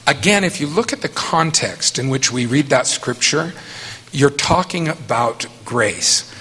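A middle-aged man answering questions after a talk, earnest and emphatic, weighing his words in slow deliberate phrases. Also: medium pitch, lively intonation, sharp tone, slightly rough, long reverb tail.

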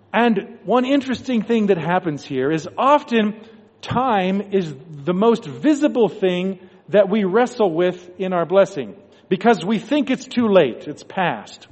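High-voiced man telling a story in a hall. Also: animated, measured pace, darkish tone. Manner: storytelling, acting out quoted thoughts. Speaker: religious speaker. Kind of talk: devotional talk. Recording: dull recording in a reverberant hall.

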